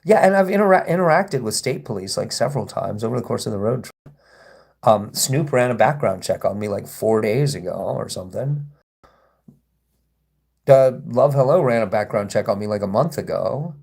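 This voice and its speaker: Gravelly sarcastic man livestreaming. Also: mid-range voice, animated, moderate pace, darkish tone. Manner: rambling, sarcastic, reading chat aloud. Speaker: livestream host. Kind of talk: casual livestream chat.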